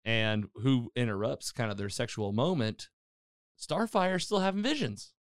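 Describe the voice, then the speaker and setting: Animated man recapping a show. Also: medium pitch, measured pace, clean tone, no room sound, studio quality. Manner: animated storytelling, acting out quotes, many fillers. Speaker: podcast host recapping a TV episode. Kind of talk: casual chat.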